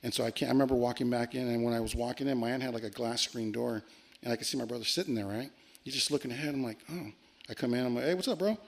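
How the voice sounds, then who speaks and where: A man telling a long ghost story on a podcast, animated and profane, acting out the lines he quotes. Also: medium pitch, very fast, vocal fry. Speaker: podcast guest. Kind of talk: casual storytelling.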